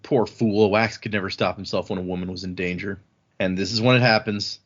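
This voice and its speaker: A man casually recapping a book chapter on a podcast, rambling and animated as he retells the action. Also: lowish voice, a little fast. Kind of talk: casual chat. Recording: slightly dull lo-fi sound.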